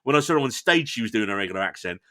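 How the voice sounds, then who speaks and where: Bright-voiced, chatty male podcast host. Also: on the low side, animated, racing. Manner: enthusiastic, chatty, self-deprecating. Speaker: podcast co-host reviewing shows. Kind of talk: casual review chat.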